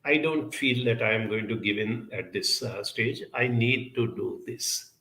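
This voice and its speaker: A man answering audience questions in a reflective advice talk, speaking in a measured, deliberate way with frequent pauses. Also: fairly low pitch, bright, forceful tone, roomy sound, poor audio.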